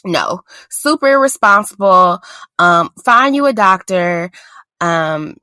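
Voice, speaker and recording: A woman co-hosting a podcast, talking in loose casual chat. Her voice is bright and swings widely in pitch, and her delivery is blunt and sarcastic with frequent laughs. The recording is close and dry. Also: lively intonation, slow pace, clean tone, no echo. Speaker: podcast co-host.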